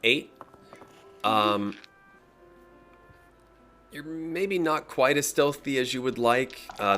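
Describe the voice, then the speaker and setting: A man running a tabletop game with a low but bright voice. He narrates at a relaxed pace, stopping often for an "uh" or to clear his throat. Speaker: game master.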